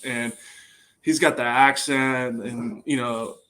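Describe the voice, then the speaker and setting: A young man in a relaxed podcast conversation, spinning lively stories at an easy pace. His voice sits in an ordinary middle pitch, and he often trails off and picks his sentences back up as he goes. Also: slow pace, rough recording. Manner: lively storytelling, trailing off and restarting. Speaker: guest, bullpen catcher. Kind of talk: casual podcast chat.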